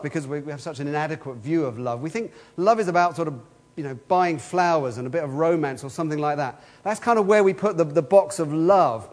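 A man preaching a sermon in an earnest way, asking the same questions again and again. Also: on the high side. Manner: earnest, repeats rhetorical questions. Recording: long hall reverb.

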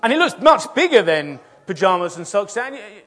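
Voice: medium pitch, very animated, fairly quick, fairly bright tone. A children's church leader talking playfully and coaxingly with a group of children in a church.

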